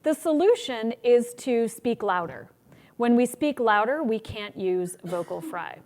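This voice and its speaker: A woman presenting a workshop on public speaking, energetic and acting out examples of good and bad delivery. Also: fairly high pitch, measured pace. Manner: energetic, demonstrates examples in changed voices. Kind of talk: teaching a conference workshop.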